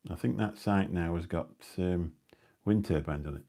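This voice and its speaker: This middle-aged live-stream host has a warm, deep voice and talks at a normal speed. Indoors at home, he chats casually and rambles through anecdotes, adding dry asides, over a new phone or mic on a live stream.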